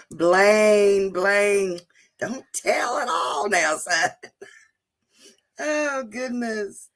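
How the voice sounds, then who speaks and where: Speaking extremely slowly with frequent pauses, a woman uses a slightly high, pushed, bright voice in a sing-song way. As host of a casual livestream, she chats with viewers, reads names from the chat and often laughs.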